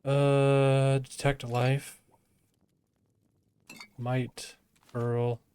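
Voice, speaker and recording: A man's voice: mid-range voice, little pitch movement, drawn-out words, darkish tone, a little hiss or hum. A man streaming a fantasy video game, chatting casually and laughing easily as he plays. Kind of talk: casual gameplay commentary.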